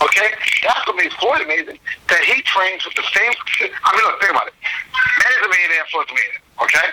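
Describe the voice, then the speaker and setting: A middle-aged man talks quickly in a casual interview, with a sharp, bright tone. His pitch sits somewhat high for a man. He tells his stories in an animated way, restarting his sentences often. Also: a little hiss or hum, poor audio. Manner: animated storytelling, many restarts. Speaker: interview guest, former boxer.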